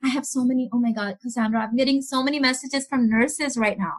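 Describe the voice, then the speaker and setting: A woman speaking as a mentor guest in a podcast interview, animated, acting out other people's voices and laughing often. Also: high-pitched, quick pace.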